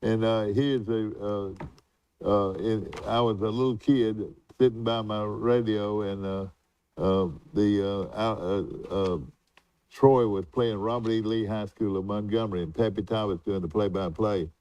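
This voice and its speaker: Older man co-host, low dark voice, rambling storyteller full of "uh"s, dry sound. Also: steady tone, a little slow, smooth, dry recording, distant mic, poor audio. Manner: rambling reminiscing, many fillers and restarts. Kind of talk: casual chat.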